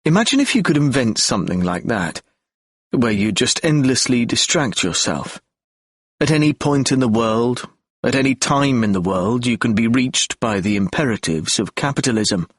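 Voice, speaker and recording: A man's voice: medium pitch, breathy edge, no echo, clean studio sound. A man reading an audiobook of lecture transcripts in a reflective, argumentative lecture tone. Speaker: audiobook narrator.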